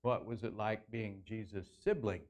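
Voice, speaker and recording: A man preaching a sermon as pastor in a church, earnest, slowing down and lifting his voice to stress key phrases. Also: steady tone, a little mellow. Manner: earnest preaching, slows and lifts pitch for emphasis. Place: church sanctuary.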